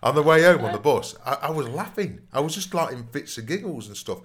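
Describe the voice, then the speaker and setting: A man's voice: medium pitch, very animated, brisk. A man telling long, rambling stories in a casual podcast chat, often adding "you know what I mean". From Nottingham, England. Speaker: podcast co-host.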